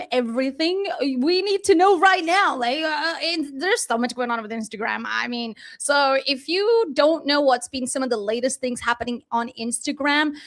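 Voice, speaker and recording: Woman, high voice, bubbly and effusive, live-streamed class, home kitchen, webcam mic. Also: a bit bright. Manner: bubbly and effusive, gushing, laughs often. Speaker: online coach teaching a live class.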